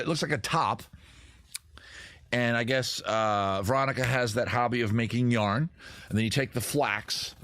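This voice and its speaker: A man hosting a livestream from home, riffing on viewer questions in a rambling, crude, deadpan absurd way. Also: mid-range voice, no echo. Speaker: host. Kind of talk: improvised comic livestream answering viewers.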